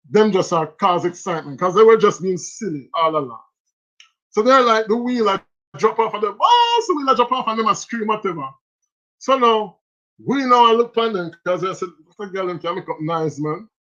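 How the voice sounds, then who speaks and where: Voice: medium pitch, moderate pace, lo-fi sound. Laughing Jamaican live-stream storyteller. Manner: animated, laughs often between lines, speaks Jamaican Patois.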